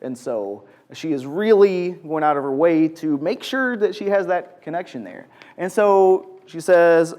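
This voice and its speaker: A man with a fairly high voice and measured pace leads an animated, conversational Bible lesson for a group in a big church room, putting questions to the audience and performing quotes.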